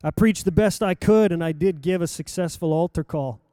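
An older man preaching, telling a personal story in a lively anecdotal way with acted-out quotes. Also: on the high side, moderate pace, dry recording, clean studio sound. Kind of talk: sermon storytelling.

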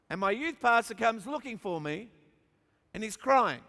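A man's voice: high-pitched, lively intonation, moderate pace, bright, forceful tone. A man with an Australian accent preaching a sermon, telling funny stories from his youth and building up with emphatic repetition. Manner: storytelling with humor, emphatic repetition. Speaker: pastor. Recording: long hall reverb.

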